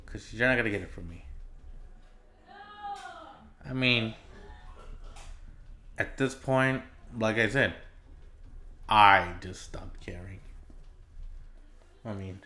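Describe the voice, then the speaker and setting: A man's voice: on the low side, slow pace, long pauses, sharp tone, a little hiss or hum. Exasperated, swearing man ranting solo. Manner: exasperated, profane, rambling with many fillers and restarts. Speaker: podcast host. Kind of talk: casual solo podcast rant.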